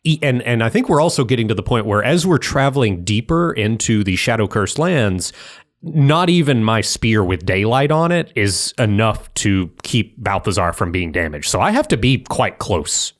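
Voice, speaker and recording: A man's voice: fairly low pitch, big pitch swings, normal speed. A man co-hosting a podcast in casual chat, explaining game mechanics step by step. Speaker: podcast co-host.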